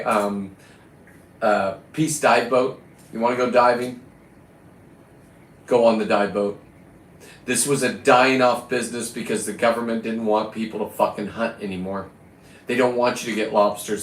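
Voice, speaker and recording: A man's voice: mid-range voice, fairly bright tone. Middle-aged male vlogger, crude and boastful, mid-range voice, roomy echo. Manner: profane, boastful and rambling. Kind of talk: rambling casual monologue. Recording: echoey room.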